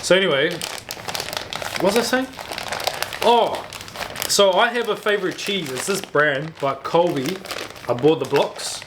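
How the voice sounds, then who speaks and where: A man's voice: high voice, unhurried, long pauses, background noise. A man talking casually through a home baking video, loose and chatty with slangy asides. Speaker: home cook. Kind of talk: casual cooking vlog.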